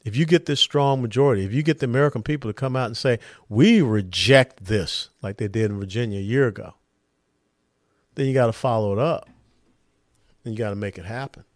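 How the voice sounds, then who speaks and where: A man's voice: mid-range voice, a little mellow, no room sound, clean studio sound. A man hosting a political podcast, giving an emphatic commentary monologue and asking rhetorical questions. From lives in Texas. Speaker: podcast host.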